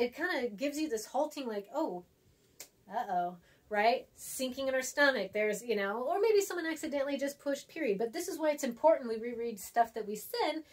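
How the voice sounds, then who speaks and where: Casual woman teacher, chatty and playful, slightly high-pitched, acts out examples. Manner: chatty, acts out texts in voices; writes on a board while talking. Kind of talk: casual classroom lesson.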